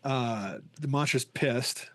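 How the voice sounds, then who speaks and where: A man's voice: mid-range voice, slow pace, fairly bright tone, no room sound. A man hosting a podcast, chatting casually and enthusiastically, often stumbling and restarting. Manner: enthusiastic, rambling with many restarts. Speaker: podcast host. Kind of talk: casual chat.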